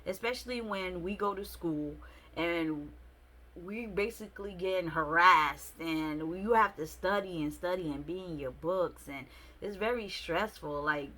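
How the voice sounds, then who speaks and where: A young adult woman vlogging a casual storytime, expressive and slangy, with many fillers. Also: lowish voice, measured pace.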